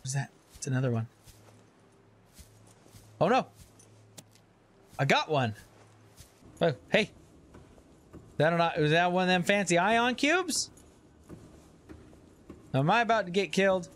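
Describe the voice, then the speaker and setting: A man giving excitable let's play commentary, narrating his gameplay and shouting at scares. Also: sits high, a little slow, pauses often, slight background noise. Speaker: gameplay recap host. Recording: commentary over game music.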